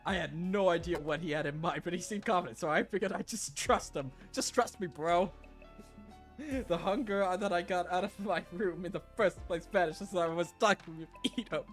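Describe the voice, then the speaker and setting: A man's voice: high-pitched, fairly quick, few pauses, faint music behind. A man streaming a game, reading the story aloud and reacting to it, swinging between voices and swearing at it. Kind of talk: reading a visual novel aloud with commentary.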